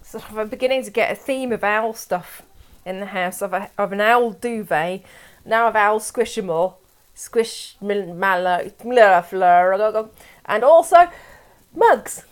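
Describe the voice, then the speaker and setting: A woman's voice: mid-range voice, lively intonation, moderate pace. A woman from England chatting casually on a live stream from home, rambling and reading chat aloud.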